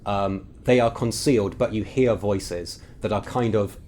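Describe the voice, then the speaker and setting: A man's voice: lowish voice, a little slow, darkish tone. A man running a tabletop game as game master, describing scenes at length with frequent fillers.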